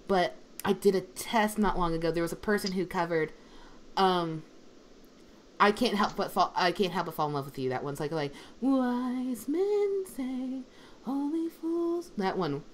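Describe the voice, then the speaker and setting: A woman's voice: fairly low pitch, normal speed. A young woman, a substitute teacher who voice acts, chatting on a livestream and telling stories with lots of fillers. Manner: animated storytelling, lots of fillers, swings in loudness. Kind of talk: casual livestream chat. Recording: faint background noise.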